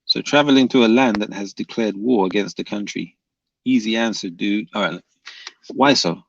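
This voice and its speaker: A man's voice: on the low side, normal speed, vocal fry, no echo, highs cut off. A man streaming live, reading viewer comments aloud and arguing back, repeating his questions at the commenters.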